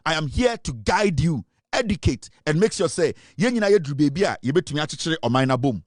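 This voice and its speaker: A man with a Ghanaian accent giving a forceful political commentary monologue, switching between English and Twi. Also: fairly high pitch, expressive, a little fast, dry recording, studio quality.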